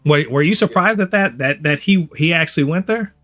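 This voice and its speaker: A man's voice: a little high, expressive, fairly quick, fairly bright tone, faint music behind. A man co-hosting a TV review podcast, chatting animatedly with lots of swearing and restarts. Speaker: podcast co-host. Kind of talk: casual review chat.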